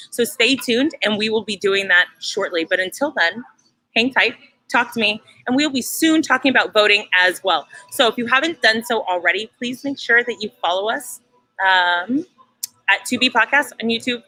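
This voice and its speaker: Bubbly bright-voiced woman podcast host. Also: mid-range voice, lively intonation, normal speed, rough recording. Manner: bubbly and laughing, addresses listeners as y'all. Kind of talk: casual podcast chat. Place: brewery.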